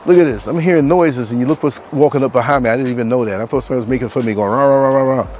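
A man's voice: mid-range voice, rapid-fire, darkish tone, a little hiss or hum. A man hosting his podcast outdoors on a street, talking in an earnest, emphatic way and repeating phrases for stress. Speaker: podcast host. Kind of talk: reflective monologue to camera. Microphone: clip-on mics.

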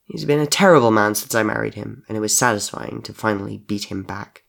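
A man's voice: brisk, gravelly, a bit bright. A man voicing a large cowardly man who whines and screeches in a raised, panicky voice. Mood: confessing. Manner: whiny, high and panicky.

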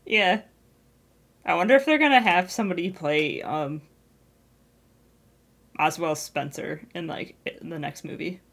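A woman's voice: lowish voice, measured pace, vocal fry, pauses often, fairly bright tone. A woman co-hosting a casual podcast, musing in a tentative, unsure way. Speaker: podcast co-host.

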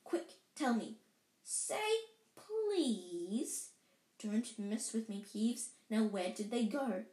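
A woman voicing a grumpy old male caretaker, gruff and impatient, in an echoey room. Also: on the high side, lively intonation, extremely slow, warm tone.

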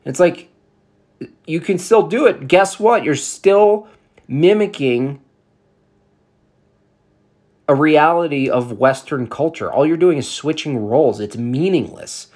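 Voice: mid-range voice, animated, takes it slowly, long pauses, a little mellow. A vlog commentator ranting about photographs in a heated, sarcastic way, with many fillers.

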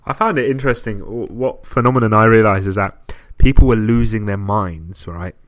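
Young guy cohosting a podcast, lowish voice, chatty and laughing. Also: moderate pace. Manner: chatty, laughs often, digresses. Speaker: podcast co-host. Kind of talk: casual chat.

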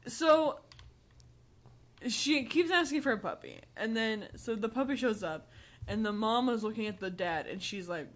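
A young woman co-hosting a casual movie chat, retelling scenes in an animated way and laughing as she goes. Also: medium pitch, moderate pace. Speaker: podcast co-host.

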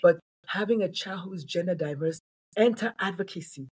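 A woman's voice: lowish voice, brisk, a little mellow, slightly rough. A woman from Nigeria, a pediatrician and coach, talking emphatically in an interview and repeating phrases for effect. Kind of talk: animated interview talk.

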